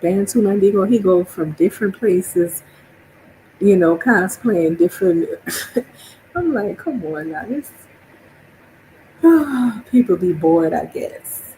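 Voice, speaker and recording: A woman's voice: mid-range voice, expressive, slow, pauses often, mellow, a little hiss or hum, rough recording. A woman from New Orleans with a New Orleans accent, streaming a casual monologue, chatty and laughing often as she acts out her own reactions.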